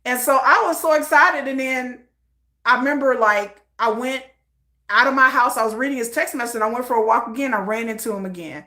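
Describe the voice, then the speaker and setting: A woman vlogger telling a story in a chatty, animated way with lots of fillers. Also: fairly high pitch, fairly quick, roomy sound. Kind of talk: casual storytelling.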